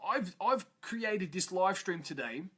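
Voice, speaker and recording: A man's voice: sits high, animated, measured pace, sharp tone. A man speaking on a live stream in a room of his parents' house, bluntly motivating listeners, swearing freely and acting out other people's complaints.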